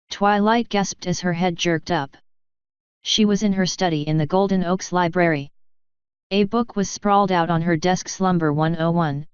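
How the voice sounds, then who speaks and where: Woman reader, low and very clear, measured storybook narration. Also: dry recording, dull audio. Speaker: fanfiction reader. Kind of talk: scripted narration.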